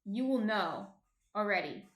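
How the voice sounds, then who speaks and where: A woman with a New Jersey accent hosting a casual live cooking stream from home, chatty and quick to laugh as she reads out chat messages. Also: medium pitch, sing-song, a bit bright. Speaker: stream host, baker. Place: home apartment. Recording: roomy echo.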